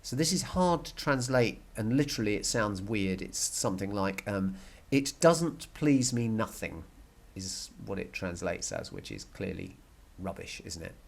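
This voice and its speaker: A man teaching a recorded Spanish grammar lesson, patient and repeating words slowly for learners. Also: fairly low pitch, very animated, creaky, husky.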